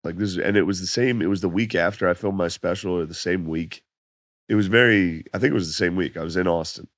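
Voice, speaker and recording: A man telling laid-back, profane stories as a comedian guest on a podcast, his voice going hoarse. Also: low voice, fast talker, no room sound, studio quality. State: losing his voice. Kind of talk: casual podcast chat.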